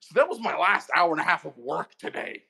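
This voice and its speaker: On the high side and brisk, his voice has a gravelly, husky texture. He's co-hosting a podcast, animatedly telling a long, casual story about work and stammering now and then at the starts of his lines.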